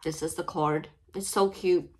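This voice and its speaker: A woman's voice: lowish voice, steady tone, measured pace, slight background noise. A middle-aged woman with a Cajun Louisiana accent, chatting casually in an unboxing vlog, tearful and heartfelt, often apologizing. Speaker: crafting channel vlogger.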